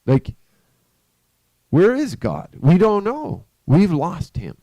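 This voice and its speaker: A man's voice: high-pitched, huge pitch swings, slow, warm tone, dry recording, voice pushed up, exaggerated voice. A man voicing a patient, searching tribal man in a story he tells, speaking in an earnest, questioning way.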